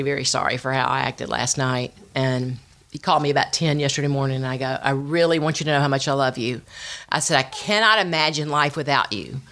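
A woman's voice: low voice, slight background noise. A middle-aged woman giving a personal testimony talk, telling stories with quoted dialogue and bits of sung scripture. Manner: storytelling, animated with quoted dialogue and sung lines. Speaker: women's ministry speaker.

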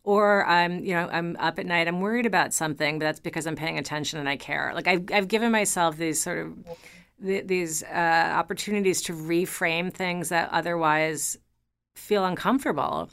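A woman's voice: fairly low pitch, normal speed, fairly bright tone, smooth. A woman in her fifties hosting a conversational interview podcast, talking in an enthusiastic, chatty way with many fillers and restarts. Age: 50s. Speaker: podcast host.

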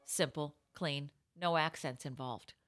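A woman's voice: low-pitched, a little slow, no room sound, studio quality, soft background music. A woman co-hosting a comedy podcast, joking and doing playful announcer-style plugs. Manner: animated, playful, showy announcer bursts. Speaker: podcast co-host. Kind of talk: comedy podcast chat and ad reads.

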